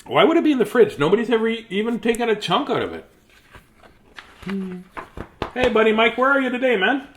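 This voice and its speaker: A man's voice: very high voice, very animated, fairly quick, long pauses, a bit bright, a little hiss or hum. A man reading a picture book aloud, chuckling and adding chatty asides to the listeners. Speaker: storybook reader.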